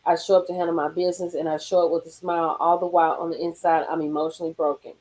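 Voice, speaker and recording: A woman hosting a casual live stream from a car, reading gossip aloud and reacting with sudden high exclamations and low murmurs. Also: very fast, rough recording. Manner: animated, swings into high exclaims and drops to murmurs.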